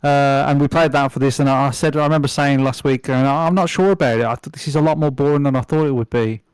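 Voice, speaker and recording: A man's voice: mid-range voice, fairly even intonation, fast talker, clear, resonant tone, no echo. A man chatting casually as a podcast guest, rambling with lots of fillers, restarts and swearing. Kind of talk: casual chat.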